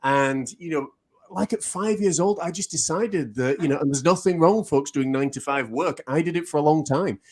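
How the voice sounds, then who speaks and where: A man's voice: fairly high pitch, moderate pace, a little mellow. A man hosting an interview show, talking in a casual, rambling way with many fillers. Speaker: show host.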